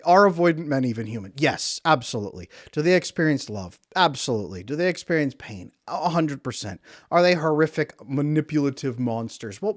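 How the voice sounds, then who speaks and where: Relationship coach guy talking to camera, emphatic, keeps repeating himself, does little acted quotes, slightly high voice, dry sound. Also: dry recording. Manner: emphatic, repetitive, acts out quotes.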